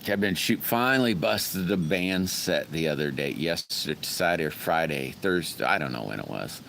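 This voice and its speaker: A man's voice: sits low, lively intonation, normal speed, vocal fry, a bit bright, slight background noise. A middle-aged man hosting a casual live stream, rambling in a folksy way and greeting viewers by name. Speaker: livestream host.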